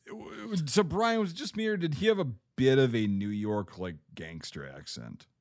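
A man chats on a casual podcast in an animated, mocking way and swears freely. His pitch swings widely as he talks. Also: normal speed.

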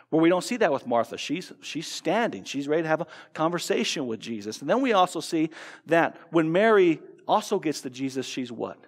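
A man's voice: on the high side, in a large hall. An American man preaching a sermon, earnest, asking rhetorical questions and restarting phrases as he goes. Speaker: pastor. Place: church sanctuary.

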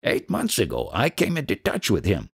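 Guy reading as an eager boastful yogi man, low voice, lots of swing in it, dry sound. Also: wildly swooping pitch, normal speed, vocal fry, breathy edge, dry recording, exaggerated voice. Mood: earnest. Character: proud, emotional former soldier turned yogi, man.

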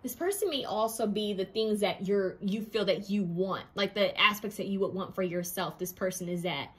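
A woman's voice: mid-range voice, moderate pace. A woman giving a pick-a-card tarot reading in a chatty, intuitive way, often saying what she is hearing. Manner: lively, acts out quoted voices.

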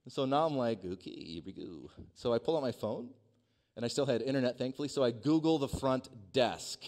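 A man preaching a sermon, telling a personal story in a dynamic way that swings from hushed to loud. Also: medium pitch, a little fast. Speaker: pastor. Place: church sanctuary.

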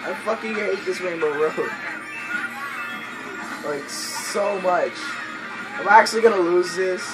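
A man hosting a casual co-op gameplay commentary, excitable and swearing a lot, yelping and laughing at mishaps. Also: high-pitched, a little slow, poor audio. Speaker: gaming channel host. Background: loud game music.

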